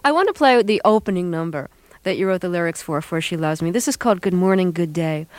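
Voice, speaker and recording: A woman's voice: lowish voice, lively intonation, fast talker, no room sound. A woman hosting a radio interview, asking curious, probing questions. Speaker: radio host. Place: radio studio. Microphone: studio mic.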